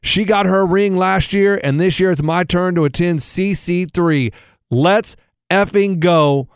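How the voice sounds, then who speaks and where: A man's voice: sits high, a little slow, clear, resonant tone, no echo, clean studio sound. A man co-hosting a podcast, chatting casually about sports and reading listener messages aloud. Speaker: podcast co-host.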